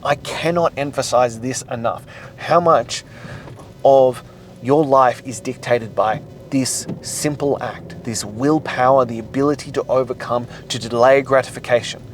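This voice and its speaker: A man's voice: mid-range voice, a little slow, poor audio. A man hosting a motivational podcast, talking intensely and emphatically with frequent swearing, with a faint background hum. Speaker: podcast host. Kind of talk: motivational monologue.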